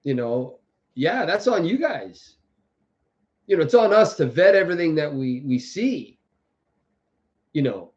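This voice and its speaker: A man's voice: on the high side, big pitch swings, a little slow, pauses often, a little mellow. A man hosting a casual livestream, rambling through political commentary with many restarts and mocking quoted voices. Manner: mocks others with exaggerated quoted voices. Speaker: livestream host. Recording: dull lo-fi audio.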